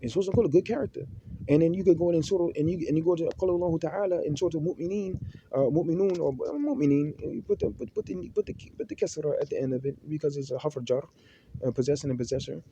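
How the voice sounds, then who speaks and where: Fast, halting man. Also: a little high, gravelly, mellow, lo-fi sound, slight background noise. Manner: halting, with many restarts, repeated words and Arabic terms. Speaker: Muslim speaker giving religious advice. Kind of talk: unscripted religious monologue.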